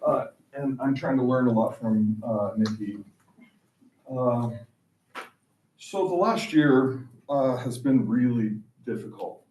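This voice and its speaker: A man's voice: medium pitch, slow, mellow, a little hiss or hum. A man in a class candidly sharing a personal story, hesitant and full of fillers. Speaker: class participant. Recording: echoey room, distant mic.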